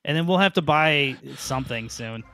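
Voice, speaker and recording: A man's voice: on the high side, lively intonation, normal speed, sharp tone, a little hiss or hum. A man chatting casually over a video game, rambling, chuckling and calling his friend "dude". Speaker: let's play co-host. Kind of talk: casual gaming chat.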